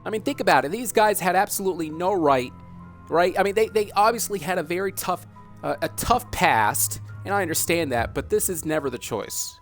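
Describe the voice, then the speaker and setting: A man's voice: sits high, lively intonation, fairly quick, soft background music. A man hosting a dramatic commentary vlog, talking emphatically, repeating himself and asking rhetorical questions. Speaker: host.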